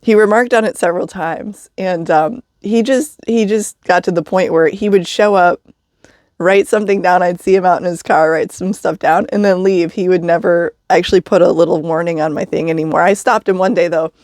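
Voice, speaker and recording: Woman vlogging from her van, chatty and wry, lowish voice, dry close mic. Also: steady tone, normal speed, darkish tone, no echo. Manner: chatty, laughs often, wry asides. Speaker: vlogger living in a vehicle. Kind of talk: casual storytelling vlog.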